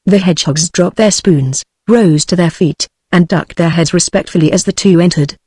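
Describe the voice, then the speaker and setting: A text-to-speech British woman's voice narrating an audiobook in even, synthetic tones. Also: fairly low pitch, normal speed, husky, no room sound. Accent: British English. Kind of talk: scripted narration.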